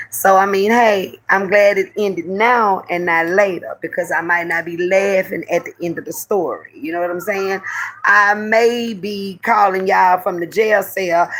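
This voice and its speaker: A woman's voice: medium pitch, a bit bright, rough recording. A woman hosting a live stream who tells a personal story in a candid, heated way, full of profanity and slang. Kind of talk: casual storytelling to a live audience.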